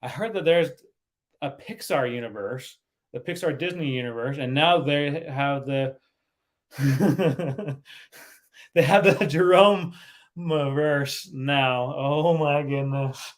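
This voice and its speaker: This livestream host is a man whose voice leans high; he takes his time and leaves long pauses. He giggles frequently, trips over his words while reading the chat, and drops sentences partway through.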